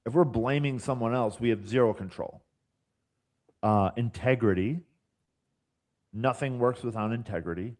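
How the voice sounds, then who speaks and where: A man's voice: medium pitch, normal speed, pauses often. A man as a podcast guest, chatting casually and acting out quoted dialogue in his stories, with frequent fillers like "like" and "you know". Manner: animated, acts out quoted dialogue. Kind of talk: casual storytelling chat.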